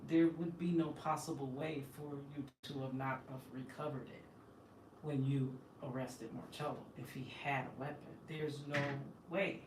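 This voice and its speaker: A woman's voice: sits low, a little mellow. Woman venting hard, emphatic, set back from the mic, faint noise behind. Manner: emphatic, impassioned, indignant. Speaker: host. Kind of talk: emotional personal storytelling. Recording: echoey room, distant from the mic, faint background noise.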